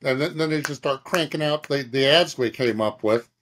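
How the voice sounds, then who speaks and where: A man's voice: medium pitch, normal speed. A middle-aged man, a guest in a conversation, telling an anecdote animatedly and slipping into other people's voices as he goes. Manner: animated, acts out others' voices and sound effects. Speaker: guest, advertising creative director.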